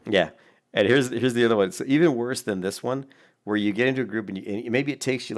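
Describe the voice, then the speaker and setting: Brief: man, somewhat low voice, rambling profane gaming commentator who laughs a lot. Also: quick pace. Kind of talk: casual reaction commentary.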